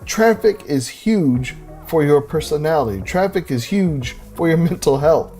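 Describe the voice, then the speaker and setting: Man preaching with animated, joking stories. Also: on the high side, a little slow, soft background music. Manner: animated storytelling with self-deprecating humor. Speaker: pastor. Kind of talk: sermon.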